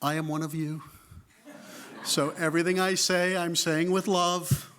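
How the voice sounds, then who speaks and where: A man's voice: fairly high pitch, flat delivery, a little slow, fairly bright tone, slight background noise. A man in his fifties from Boston with a Boston accent, giving a wry, self-deprecating public history lecture with conversational restarts. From Boston, United States. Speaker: guest lecturer, history professor.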